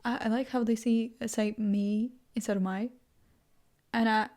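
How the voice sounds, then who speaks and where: A woman vlogger in casual thinking-out-loud chat, rambling with lots of "like" and restarts, and playful self-amused asides. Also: fairly high pitch, steady tone, a little slow. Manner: rambling, heavy use of "like", frequent restarts.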